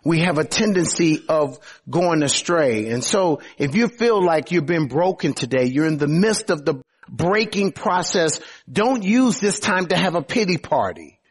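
Male pastor, sermon, husky and slightly high, emphatic conversational delivery. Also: lively intonation, a little slow, few pauses. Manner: emphatic, conversational preaching with sudden swings in loudness.

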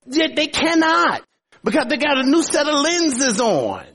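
A man's voice: very high-pitched, very animated, a little slow, a bit bright. A man preaching a sermon expressively, often opening his sentences with "oh". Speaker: pastor.

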